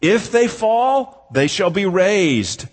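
A man preaching a sermon as pastor, earnest, slowing down for emphasis and then speeding up to argue. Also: sits high, very animated. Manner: earnest preaching, pace swinging from slow emphatic to rapid. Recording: reverberant hall.

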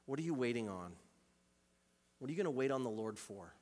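A man preaching a sermon as a pastor, swinging from loud, urgent calls to quiet, intimate passages and repeating phrases for emphasis. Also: mid-range voice, expressive, brisk. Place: church sanctuary. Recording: live church recording with long hall reverb.

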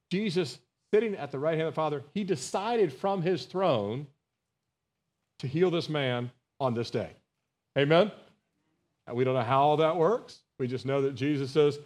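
Earnest pastor preaching, fairly high voice. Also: male voice, darkish tone. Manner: earnest, emphatic, rising on key phrases, asks the congregation "Amen?"; repeats words and restarts phrases. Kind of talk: sermon, Bible study teaching.

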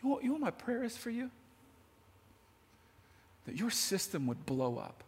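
A man preaching a sermon in a lively, conversational way, talking straight to his audience. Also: high voice, moderate pace, breathy edge. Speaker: pastor. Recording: long hall reverb.

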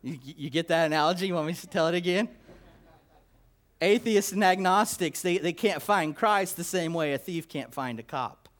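A man preaching a sermon, swinging between loud emphatic declarations and low quiet asides, with repetition and stammered restarts. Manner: slow, deliberate delivery with repetition and stammered restarts.

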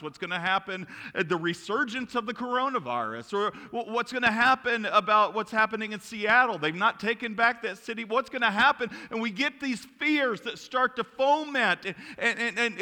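Male pastor, sermon, high lively voice, animated storytelling, long hall reverb. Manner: animated storytelling with self-mocking jokes.

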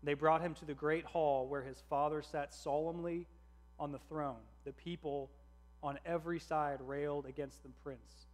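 A man reading a story aloud in a measured, earnest narration. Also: a little high, steady tone.

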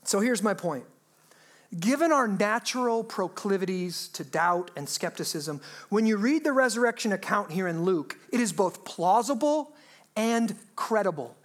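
A woman pastor preaching a sermon in a lively, humorous way, asking her listeners rhetorical questions. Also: medium pitch, normal speed.

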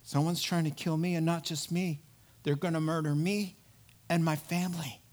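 A man preaching a sermon, telling a Bible story with animated energy and acting out the characters' lines. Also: fairly high pitch, normal speed. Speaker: pastor.

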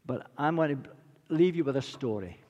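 A man in his sixties preaching a sermon, earnest and repetitive, rising from quiet to impassioned. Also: medium pitch, expressive, normal speed. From Britain. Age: 60s. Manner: earnest, building from quiet to impassioned, repeats phrases. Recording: long reverb of a large hall.

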